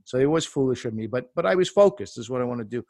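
A man in his forties from Canada, a comedian guest telling stories in a casual, animated way and acting out the voices. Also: mid-range voice, fast talker, no echo. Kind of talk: casual storytelling.

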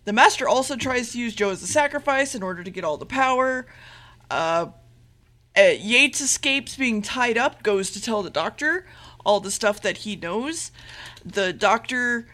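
A woman co-hosting a podcast walks through an episode in a loose, rambling way and swears freely. Her voice sits a little high and rings bright and forceful. She tosses off quick character quotes as she goes. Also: lively intonation. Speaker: podcast co-host. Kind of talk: casual episode recap.

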